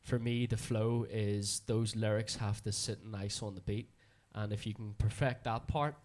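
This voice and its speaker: A man in casual studio chat, explaining his points in a measured, thoughtful way. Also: lowish voice, steady tone, darkish tone. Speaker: rapper guest.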